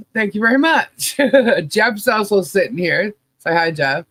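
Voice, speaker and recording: Hoarse woman hosting a relaxed livestream. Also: mid-range voice, unhurried, no room sound. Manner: chatty, laughs often while greeting viewers. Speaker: podcast co-host. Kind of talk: casual livestream chat.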